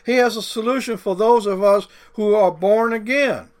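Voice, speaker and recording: A male pastor delivering a sermon, drawing out key words and repeating points, with folksy grammar. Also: high-pitched. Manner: deliberate, drawn-out emphasis with folksy grammar.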